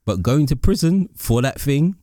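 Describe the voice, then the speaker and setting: A man hosting a casual podcast conversation, speaking reflectively and haltingly, often repeating words. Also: medium pitch, animated, dark tone, no echo, clean studio sound.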